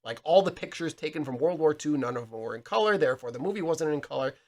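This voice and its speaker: A man's voice: a little high, quick pace. A young man co-hosting a casual movie podcast, talking animatedly and acting out lines from films. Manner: animated, acts out quotes loudly. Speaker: podcast co-host.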